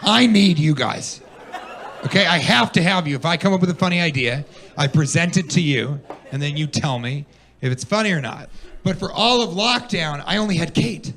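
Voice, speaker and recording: A man doing stand-up comedy on a club stage, telling animated stories and putting on mocking high voices for the people he quotes. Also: normal speed, slight background noise. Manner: animated storytelling, quoting his partner in a mocking high voice.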